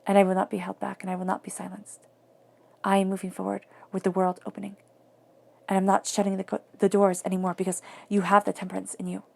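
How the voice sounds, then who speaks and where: A woman giving a tarot reading in a soft, flowing, reflective way, sometimes dropping to near-whispers. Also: medium pitch, monotone, fast, vocal fry. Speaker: tarot reader.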